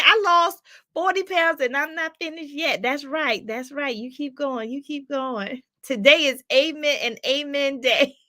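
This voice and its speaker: A woman life coach hosting a live stream, reading out viewer comments in a lively, laughing, preacherly way. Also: high-pitched, measured pace, no room sound, studio quality. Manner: animated, laughs often, preacherly call-and-response.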